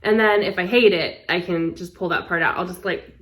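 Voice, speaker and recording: A woman's voice: on the low side, a little fast, fairly bright tone. Wheezy, easygoing woman co-host. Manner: easygoing, self-deprecating, coughs and clears throat. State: wheezy from asthma. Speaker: podcast co-host. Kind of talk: casual chat about knitting.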